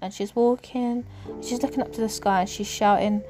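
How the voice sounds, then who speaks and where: A woman speaks in a loose, rambling podcast monologue about her faith, often pausing with fillers as she gathers her thoughts. Her voice sits at an ordinary middle pitch. Music plays clearly underneath throughout. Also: fairly even intonation, dark tone. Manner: rambling, hesitant with many ums. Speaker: podcast host.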